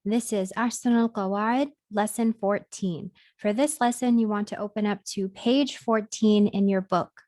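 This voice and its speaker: A woman teacher giving a recorded reading lesson, sounding out letters one by one in a clear, deliberate way. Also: medium pitch, fairly even intonation, darkish tone, no room sound, clean studio sound.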